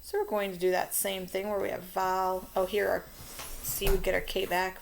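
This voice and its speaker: A woman teaching a children's spelling lesson, dictating words slowly and walking through how to mark each syllable. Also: mid-range voice, fairly even intonation, creaky, a little hiss or hum. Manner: slow, stretched-out word dictation.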